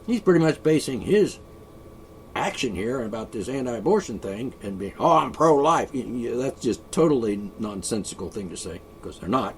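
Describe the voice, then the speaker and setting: A man's voice: lowish voice, expressive, moderate pace, darkish tone, a little hiss or hum. A man vlogging an opinionated, rambling monologue, sarcastic and sighing often. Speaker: video blogger.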